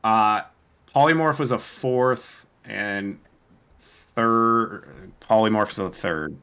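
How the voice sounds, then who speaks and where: A man's voice: fairly low pitch, takes it slowly, pushed and bright, smooth. A man playing a tabletop game, hesitant and casual, swearing freely as he decides his moves. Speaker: player.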